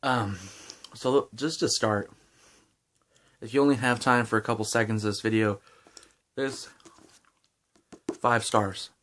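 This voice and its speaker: A man's voice: fairly low pitch, fairly even intonation, a little slow, long pauses, a bit bright. A man giving a casual, enthusiastic book review with lots of fillers and restarts while chewing gum.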